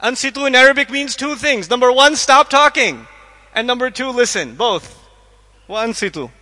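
A man giving a lively religious lecture on the Quran to a live audience, quizzing the listeners and acting out little scenes as he goes. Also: very high-pitched, moderate pace.

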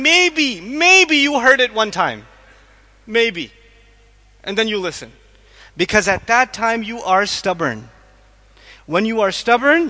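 A man giving an animated religious lecture to a live audience, questioning listeners and acting out quotes. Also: extremely high pitch. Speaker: Islamic lecturer. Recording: echoey hall.

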